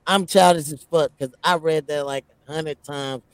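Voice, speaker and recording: A man's voice: on the high side, steady tone, normal speed, no echo. A man co-hosting a casual podcast, joking around in loose, profane banter. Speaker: podcast co-host. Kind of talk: casual chat.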